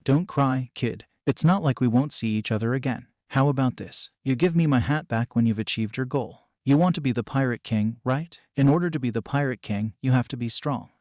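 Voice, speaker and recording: A man reading the lines of an easygoing adult pirate captain in a plain, even voice. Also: medium pitch, brisk, few pauses, no echo, clean studio sound, lightly acted. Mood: reassuring.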